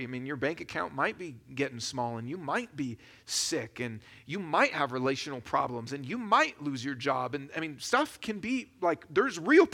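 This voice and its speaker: A man preaching a sermon as a pastor, in a conversational, animated storytelling manner. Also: fairly high pitch.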